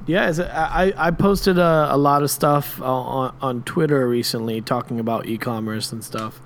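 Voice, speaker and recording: A man's voice: mid-range voice, moderate pace, slight background noise. A man co-hosting a podcast in casual chat, laid-back and teasing, often restarting his sentences. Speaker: podcast co-host.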